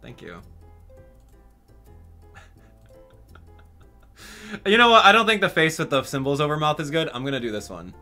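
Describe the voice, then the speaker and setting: A man hosting a gaming channel, talking straight to his viewers in an exasperated, animated way during live game commentary. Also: a little high, normal speed, long pauses, soft background music.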